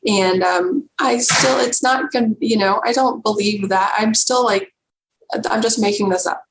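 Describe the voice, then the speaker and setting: Woman, podcast guest, earnest emotional storytelling, halting delivery, echoey room, faint noise. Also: medium pitch. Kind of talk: personal storytelling. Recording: roomy echo with faint background noise.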